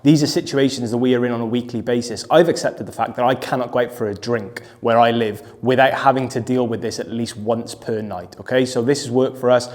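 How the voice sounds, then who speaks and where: A man's voice: medium pitch, brisk, hardly any pauses. British man explaining self-defence, reverberant. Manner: steady, explanatory, checks in with "right?" and "okay?". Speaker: self-defence instructor and host. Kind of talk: instructional chat to camera. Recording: long reverb.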